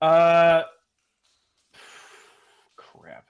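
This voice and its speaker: A man's voice: fairly high pitch, completely flat delivery, extremely slow, clean tone, highs cut off. Hesitant male tabletop player. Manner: hesitant, full of ums and restarts. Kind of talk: casual tabletop game talk.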